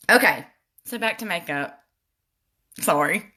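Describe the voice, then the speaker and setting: A woman's voice: medium pitch, unhurried, bright, forceful tone. A woman chatting casually through a makeup tutorial livestream at home, talking straight to viewers as y'all and going off on laughing tangents. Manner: talks straight to viewers, addressing them as y'all. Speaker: makeup vlogger.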